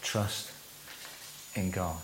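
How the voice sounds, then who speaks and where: Measured man teaching in an echoey room. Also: low voice, fairly even intonation, background noise. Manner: measured, slows down to stress key phrases. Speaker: course leader giving a church talk. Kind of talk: teaching talk to a group. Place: room with a live audience.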